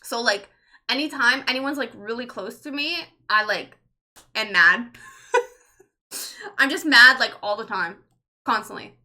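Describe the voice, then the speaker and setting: Woman streamer in her thirties, bright piercing voice, rambly casual chat, heavy on "like" and swearing. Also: on the high side, normal speed. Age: 30s. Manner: rambling, lots of "like", swears freely. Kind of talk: casual livestream chat, reading chat.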